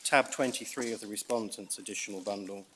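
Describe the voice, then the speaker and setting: A British man arguing a case in court as a barrister, reading out evidence and stressing key words in a measured way. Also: on the low side, noisy background. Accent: British English. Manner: measured, reads out evidence with emphasis. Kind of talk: courtroom legal argument.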